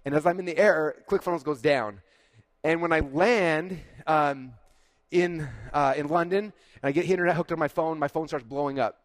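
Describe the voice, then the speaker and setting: A man giving a conference keynote, telling stories in an animated way, acting out dialogue and saying "like" often. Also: fairly high pitch, normal speed, dry recording. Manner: animated, acts out dialogue, frequent "like". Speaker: keynote speaker. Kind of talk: storytelling keynote. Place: conference stage.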